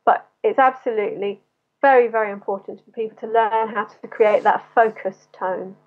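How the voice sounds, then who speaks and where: A woman's voice: mid-range voice, normal speed. A woman vocal coach explaining singing technique in an interview, in a teaching manner that breaks into short sung demonstrations. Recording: tinny phone-like line.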